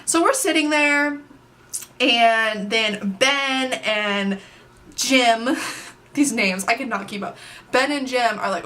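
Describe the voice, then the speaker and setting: A young adult woman telling a story on her vlog, chatty and animated, with plenty of filler words. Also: a little high, takes it slowly. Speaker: vlogger. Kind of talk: casual storytime.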